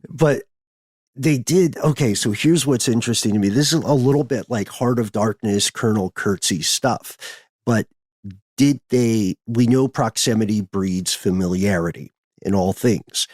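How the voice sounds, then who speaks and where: Low-voiced male podcast host. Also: unhurried, darkish tone, no room sound, studio quality. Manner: conversational, explanatory, thinking aloud. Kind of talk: podcast conversation.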